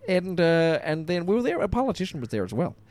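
A man's voice: high-pitched, big pitch swings, darkish tone, voice pushed up. A man voicing a rambling old school friend from the countryside who hesitates and loses his thread, in an improvised phone-call comedy bit. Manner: hesitant, rambling, full of pauses.

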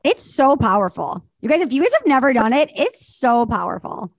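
A supportive woman hosts a podcast, chiming in with short agreements and brief comments to her guest. Her voice sits a bit high, and the sound is dry and close. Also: sing-song, fairly quick, creaky, dry recording. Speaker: podcast host. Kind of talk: casual interview.

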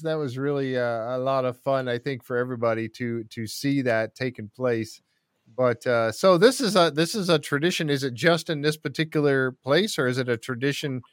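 A man hosting an interview, upbeat and quick to laugh as he asks his questions. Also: on the high side, dry recording, clean studio sound. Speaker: host.

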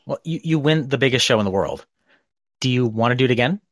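A man hosting a podcast, asking plain questions in a relaxed way with laughing asides. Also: medium pitch, fast, no echo. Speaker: podcast host. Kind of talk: casual interview.

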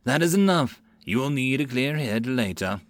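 A man voicing a calm, menacing male swordsman who serves as a retainer and speaks with lazy, chilling ease in an audiobook. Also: medium pitch, moderate pace, dry recording, clean studio sound, lightly acted. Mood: cool, menacing.

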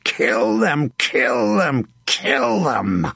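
A man's voice: sits high, huge pitch swings, very slow, vocal fry, fairly bright tone, slightly rough, no room sound, clean studio sound, voice pushed up, heavily acted. A man voicing a fierce English knight who bellows commands in the heat of battle. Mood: bellowing.

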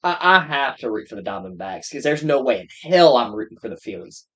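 A man's voice: medium pitch, very animated, fairly quick, a bit bright, breathy edge. Young man joking around on a podcast. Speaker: podcast co-host. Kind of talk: casual sports podcast chat.

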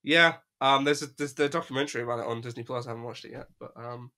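Bright-voiced man rambling in casual chat. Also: mid-range voice, fast. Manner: rambling, profane, laughs often. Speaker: podcast co-host.

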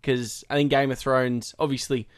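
A man's voice: mid-range voice, flat delivery, moderate pace, clear, resonant tone. A man co-hosting a film podcast in casual chat, reasoning through counterarguments. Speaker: podcast co-host.

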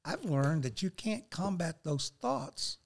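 A slow, slightly high male voice belongs to an older guest on a faith talk show. Earnest and animated, he shares his thoughts and cites scripture.

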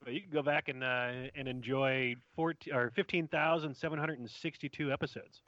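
A man's voice: medium pitch, fairly even intonation, fairly quick, fairly bright tone, dry recording, muffled recording. A man co-hosting a podcast, easygoing and casual, quizzing the others with trivia questions. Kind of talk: casual chat.

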